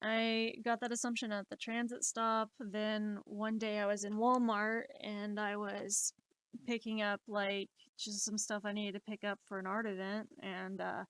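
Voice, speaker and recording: A woman in her late twenties telling stories on a live stream, animated and exasperated, swearing freely. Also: medium pitch, measured pace, clear, resonant tone, no echo. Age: 20s. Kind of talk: casual storytelling.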